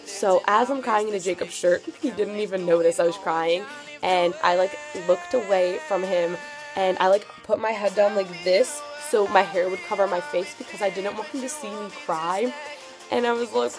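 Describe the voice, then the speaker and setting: A teenage girl telling a story on her vlog in an excitable, gushing way, full of "like" fillers. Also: medium pitch, moderate pace. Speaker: vlogger. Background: background music.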